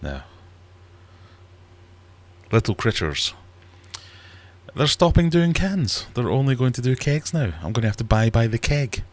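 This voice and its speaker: A man's voice: medium pitch, very animated, a little slow, long pauses. A middle-aged man hosting a casual livestream chat from his fish room, rambling and self-deprecating. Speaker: livestream host. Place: small warm fish room at home.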